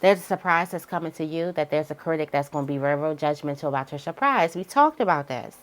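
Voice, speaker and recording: A woman giving a casual, candid tarot reading, now and then jumping into high voices to quote people. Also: expressive, quick pace. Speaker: tarot reader.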